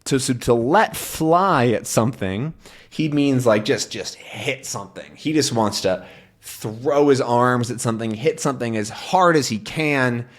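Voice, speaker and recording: A man teaching English by explaining a comic in slow, simple words, adding sound effects as he goes. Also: medium pitch.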